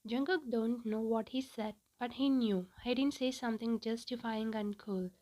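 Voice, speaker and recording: A woman reading a fan fiction story aloud in an even, unhurried storytelling manner. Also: on the high side, rough recording.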